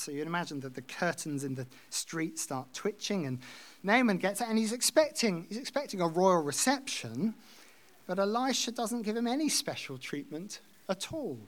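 A man preaching a sermon, reading scripture aloud and explaining it in a conversational way. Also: sits high. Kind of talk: expository sermon.

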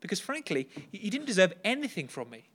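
God speaks calmly and firmly, patiently reasoning with a wayward prophet, as a male preacher voices him. The tone stays steady and explanatory, in a fairly high male voice. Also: quick pace, slightly rough, exaggerated voice.

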